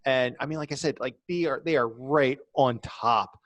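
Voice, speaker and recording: A man's voice: mid-range voice, moderate pace, a bit bright, dry recording. A man co-hosting a casual podcast, rambling with fillers and restarts. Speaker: podcast co-host. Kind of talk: casual chat.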